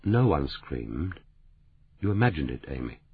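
A man voicing a calm, controlled man in an audiobook, speaking low and measured. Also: breathy edge, dry recording, narrow, tinny audio, full character voice. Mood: quiet, tense. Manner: quiet, measured, low delivery.

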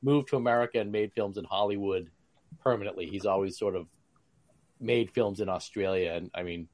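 A man co-hosting a podcast, talking in an animated way with many restarts. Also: lowish voice, fairly quick, no echo. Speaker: podcast co-host. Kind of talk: casual chat.

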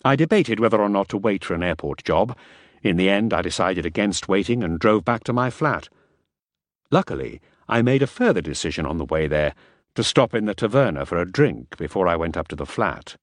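Low, lively-toned male narrator. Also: brisk, no echo, studio quality. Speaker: audiobook narrator. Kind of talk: first-person novel narration.

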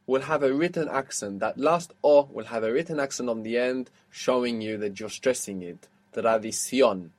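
A man's voice: mid-range voice, darkish tone. A man teaching a one-on-one language lesson, patiently explaining step by step and quizzing his student.

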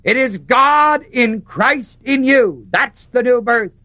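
A man preaching a sermon, stressing words slowly and putting questions to the congregation. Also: very high voice, animated, bright, forceful tone.

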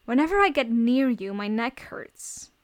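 A woman's voice: a little high, big pitch swings, measured pace. A woman reading aloud, voicing a brash, foul-mouthed teenage boy thief who snaps and swears. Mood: defiant. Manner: rude, snapping, swearing.

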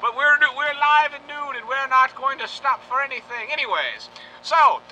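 A man's voice: extremely high pitch, animated, normal speed, bright, forceful tone. A man hosting a comedy podcast, crude and joking, sometimes putting on a mock newscaster delivery. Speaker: podcast host. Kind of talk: casual comedic banter.

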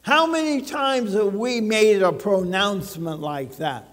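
A man preaches a sermon in a church, his voice riding high for a man and unhurried in delivery. He speaks emphatically and checks in with the congregation. The sound carries a long hall reverb. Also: a bit bright. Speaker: pastor. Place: church sanctuary.

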